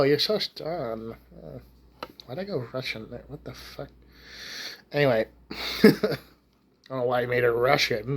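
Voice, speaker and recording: Man, casual vlog ranter, foul-mouthed and rambling, mid-range voice. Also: mid-range voice. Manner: profane, rambling, with many restarts and fillers. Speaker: YouTube ranter. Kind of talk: casual rant to camera.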